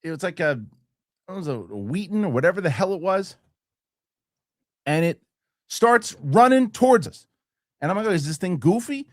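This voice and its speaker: A show host in his forties tells a heated story with animated swearing and acted-out characters, speaking in a high voice at a moderate pace with long pauses. The studio sound is clean, with no echo.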